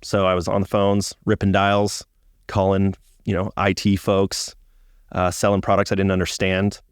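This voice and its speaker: A man's voice: sits low, monotone, normal speed, clean tone, no room sound, studio quality. A man, telling self-mocking, profane stories as a podcast guest. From Atlanta, US. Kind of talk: casual interview storytelling.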